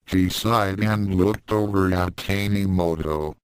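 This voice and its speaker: Male storyteller, deep unhurried voice, dry close recording. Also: steady tone, clear, resonant tone, no echo, rough recording. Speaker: fan fiction reader. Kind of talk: scripted narration.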